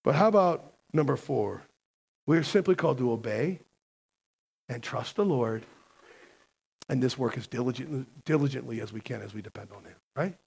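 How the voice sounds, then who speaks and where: A man's voice: mid-range voice, animated, normal speed, creaky, pauses often, a little mellow, husky. A man preaching a sermon as a pastor, emphatic and conversational, often asking the congregation questions.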